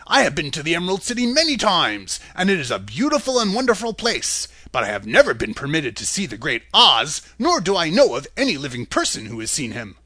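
A talkative farmer played by the male storyteller explains in a confident, matter-of-fact way. His voice moves with lively pitch and sits dry and close to the mic. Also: a little fast, hardly any pauses, no echo, exaggerated voice. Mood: explaining. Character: knowing, talkative grown farmer man.

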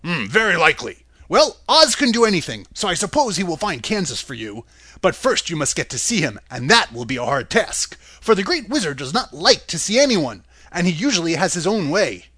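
A talkative farmer played by the male storyteller explains in a confident, matter-of-fact way. His voice moves with lively pitch and sits dry and close to the mic. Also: fairly quick, no echo, heavily acted. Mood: reassuring. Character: knowing, talkative grown farmer man.

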